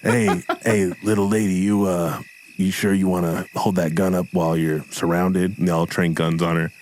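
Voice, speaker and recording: A man hosting and running an improvised comedy role-play story, playful and quick to jump into voices. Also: sits low, level tone, a little mellow, slight background noise. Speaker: host and game master.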